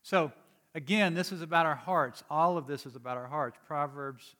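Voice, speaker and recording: A man delivers a sermon to his congregation in a fairly high voice. He talks in a conversational way, dropping quiet for explanation and rising for emphatic urging. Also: normal speed. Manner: conversational preaching, swings from soft to emphatic. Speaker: pastor.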